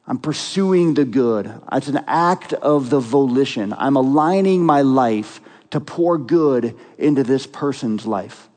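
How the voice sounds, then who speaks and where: A man's voice: medium pitch, warm tone, big-room sound. A man preaching a sermon as pastor, earnest and emphatic, asking his congregation rhetorical questions.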